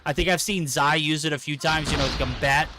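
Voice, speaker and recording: A man with a fairly high voice calls an esports match, firing off quick play-by-play over a headset. Gunfire and game effects clatter loudly under his voice. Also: fairly even intonation, background noise. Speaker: esports caster. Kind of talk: play-by-play commentary.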